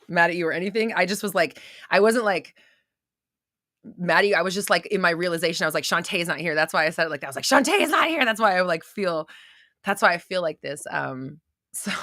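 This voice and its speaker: On her live manifestation coaching stream, another young woman speaks casually and with excitement, reading out viewer comments and slipping in the occasional swear word. Her lowish voice comes across bright and forceful, recorded close and dry with no room sound.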